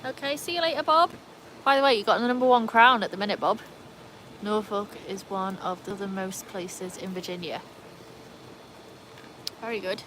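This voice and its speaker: A woman with an English accent shaded by Welsh talks casually to her livestream viewers, answering their comments as she goes. She speaks at a middling pitch from an outdoor backyard. Faint traffic noise hums in the background. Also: moderate pace, pauses often. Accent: English with a Welsh tinge. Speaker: livestream host.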